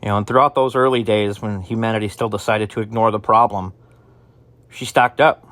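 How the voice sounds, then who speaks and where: A self-doubting survivor, voiced by a man speaks into a tape diary in an audio drama. He talks haltingly, stumbling and restarting often. His voice sits somewhat low. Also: steady tone, a bit bright, dry recording, lightly acted. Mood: wistful. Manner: halting, with many restarts and fillers.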